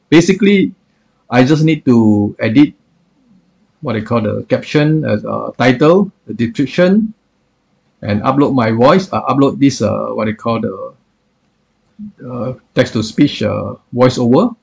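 A man demoing software on screen in a halting way, with lots of fillers like "what I call". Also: mid-range voice, gravelly, slightly rough. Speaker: software reviewer. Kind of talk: screen-recorded software demo.

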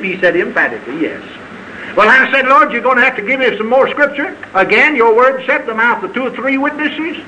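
A man preaching a sermon in a fervent, folksy style, with sudden high shouts. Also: poor audio. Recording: archival sermon tape with faint hiss.

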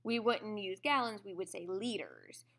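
Bright-voiced woman teaching science. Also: mid-range voice, expressive, moderate pace. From United States. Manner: conversational, checks in with "okay?" and "all right?". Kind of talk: classroom lecture.

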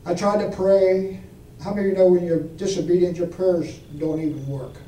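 Folksy high-voiced preacher, echoey. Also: male voice, fairly even intonation, normal speed, warm tone. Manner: folksy testimony with audience questions. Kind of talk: storytelling sermon. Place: church. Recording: echoey room from far off, faint noise.

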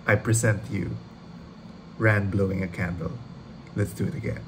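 A man reacts casually to a trailer in a slightly low voice, gushing and swearing as he rambles. His recording has clear background noise. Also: steady tone, normal speed. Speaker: reaction video host.

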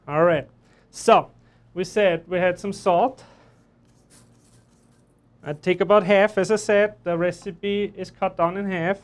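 A man with a fairly high voice talks through a live online cooking lesson from a kitchen. He is chatty and cracks jokes as he explains each step while he works. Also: steady tone, slow, long pauses. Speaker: chef instructor.

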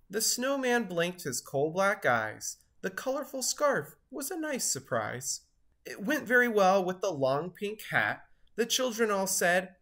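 A woman reads a rhyming children's picture book aloud in a sing-song way. She takes her time and lets her pitch rise and fall expressively. Her voice sits in a middle range. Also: very animated, measured pace, a bit bright. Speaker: storyteller.

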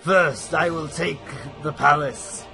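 A man voicing a menacing male undead pirate overlord in a deep pirate voice, reading game dialogue. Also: steady tone, takes it slowly, gravelly, bright, forceful tone, faint music behind, exaggerated voice.

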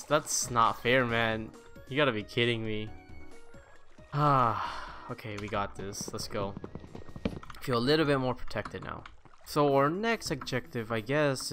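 Excitable man narrating his gameplay. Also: mid-range voice. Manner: excitable, self-mocking, talks to the game's mobs. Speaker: gaming YouTuber. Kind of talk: casual gameplay commentary. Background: background music.

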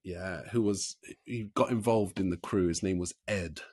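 A man's voice: low voice, a little mellow, slightly rough, no echo. Man, podcast host, rambling casual storyteller, dry close recording. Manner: rambling, backtracking storyteller, quick to laugh along.

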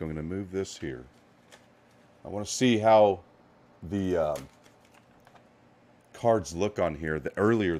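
A middle-aged man hosting a live card-opening stream, giving upbeat, hyped shout-outs to chat viewers while a little tired. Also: deep voice. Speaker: live card-break host.

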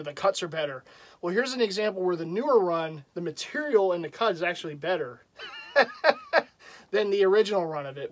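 High-voiced chatty man, chuckling often. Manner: self-deprecating. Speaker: jersey collector vlogger. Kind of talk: casual show-and-tell vlog.

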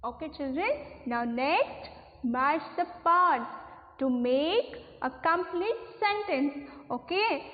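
A woman teacher with an Indian English accent gives a class lesson slowly, often checking "okay, children?". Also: sits high, animated. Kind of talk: recorded online class lesson. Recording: echoey room over a tinny phone line.

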